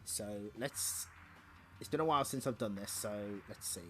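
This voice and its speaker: A man's voice: medium pitch, moderate pace. A man hosting a stream, chatting casually with asides between comic panels. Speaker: streamer host. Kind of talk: casual comic read-along commentary.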